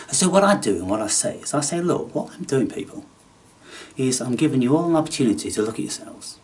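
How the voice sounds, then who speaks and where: A man hosting a spiritual channel, talking in a theatrical, taunting way that swings between loud outbursts and hushed asides. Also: medium pitch, recorded from a distance. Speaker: channel host. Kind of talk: spiritual vlog monologue.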